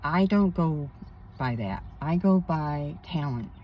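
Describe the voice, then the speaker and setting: Slow-talking woman rambling outdoors. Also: deep voice, expressive, muffled recording. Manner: emphatic, rambling, indignant asides. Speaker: spiritual counselor. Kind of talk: rambling personal vlog. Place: outdoors by a pond.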